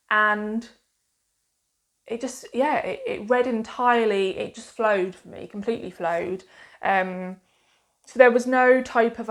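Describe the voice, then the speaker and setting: A woman with a Suffolk accent talking casually to camera as a book reviewer, chatty and enthusiastic, with lots of fillers and restarts. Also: mid-range voice.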